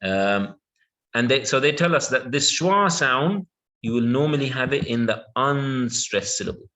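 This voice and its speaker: A man's voice: medium pitch, expressive, a bit bright. A man teaching English pronunciation in an online lesson, patiently repeating words and checking with his students. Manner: patient, repeats words slowly with many yeahs and okays.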